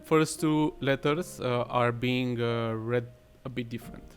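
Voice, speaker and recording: A man's voice: medium pitch, steady tone, a little slow. A man co-hosting a podcast, chatting casually and hesitantly, thinking aloud with many fillers. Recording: faint music behind.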